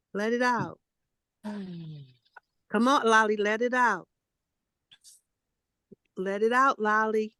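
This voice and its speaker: A woman's voice: mid-range voice, slow, pauses often, no echo, clean studio sound. A woman co-hosting a group talk, coaching a friend through her breathing in a coaxing, affectionate way. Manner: warm, coaxing, calls people honey and baby. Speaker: co-host.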